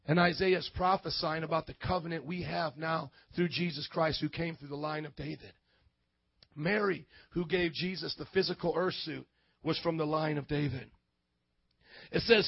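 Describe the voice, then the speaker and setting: A man preaching a sermon in church, fervent and calling out to the congregation, at times rising to shouts. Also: fairly high pitch, fairly even intonation, normal speed, breathy edge, no room sound, dull audio.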